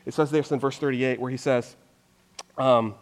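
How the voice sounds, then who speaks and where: A man giving a casual conversational sermon, energetic and loose, scattering "like" through his talk. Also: mid-range voice, normal speed. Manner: energetic, loose, full of "like" fillers. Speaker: preacher. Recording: long reverb from a hall.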